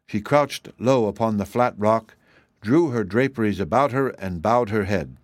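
A man giving measured, gentle scripted storybook narration as an audiobook reader. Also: lowish voice, no echo, studio quality.

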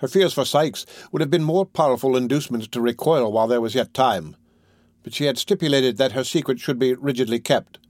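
A man narrating a classic novel in a measured, steady reading. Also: medium pitch, dry recording. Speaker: audiobook narrator.

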